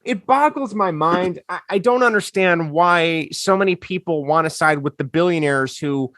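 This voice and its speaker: Man, podcast co-host, high voice, sarcastic rant, dry close mic. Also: normal speed, a bit bright, no echo. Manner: ranting, sarcastic. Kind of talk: casual chat.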